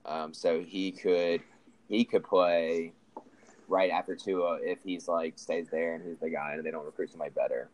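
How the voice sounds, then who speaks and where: A man's voice: deep voice, fairly even intonation, normal speed, darkish tone. A young man hosting a casual sports chat, rambling with many restarts and fillers. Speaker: podcast host.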